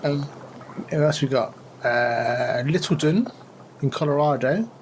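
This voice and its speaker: A man co-hosting a podcast in casual chat, with a lively, swooping way of talking. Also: on the high side, measured pace, background noise. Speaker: podcast co-host.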